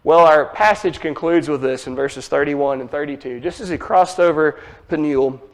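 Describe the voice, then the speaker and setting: A man with an Ozarks accent preaching a sermon, teaching emphatically with lively asides. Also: on the high side, moderate pace.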